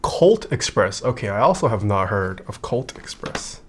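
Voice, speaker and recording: A streamer in a relaxed livestream chat who reads viewers' questions aloud and answers them offhand. The voice often drops quiet while typing. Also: mid-range voice, moderate pace, a little hiss or hum.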